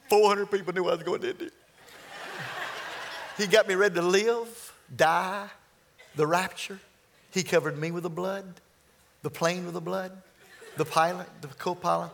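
Sixties male preacher, gravelly, a touch high, storytelling sermon delivery. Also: background noise. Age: 60s.

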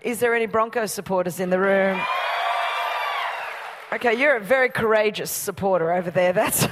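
On a very noisy recording with the long reverb of a big hall, a woman in her forties from Australia preaches as a guest in a large church auditorium. Speaking at a moderate pace in a medium-pitched voice, she's exuberant, joking and bantering with the crowd.

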